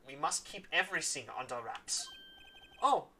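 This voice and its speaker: A man voicing a suave male prosecutor, speaking low, hushed and measured. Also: very animated, a little hiss or hum, full character voice. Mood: suave, secretive.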